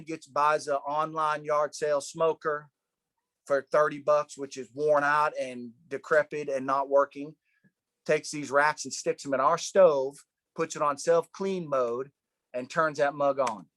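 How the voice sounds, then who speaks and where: A man teaching a Bible study in a casual, animated way, often adding "right?" and "man" as he talks. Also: on the high side, no echo. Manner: animated storyteller, tags lines with "right?" and "man".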